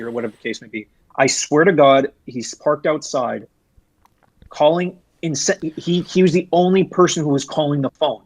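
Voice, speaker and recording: A man's voice: a little high, normal speed, no echo. A young man telling a workplace story in a casual interview, rambling with restarts and fillers. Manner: rambling, frequent restarts and fillers, animated when retelling. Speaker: guest, former retail employee.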